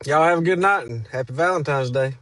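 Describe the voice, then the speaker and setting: Man, dry close sound, persuasive motivational vlog pitch. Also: a little fast, fairly bright tone, dry recording. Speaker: online marketer. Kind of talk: casual selfie vlog pitch.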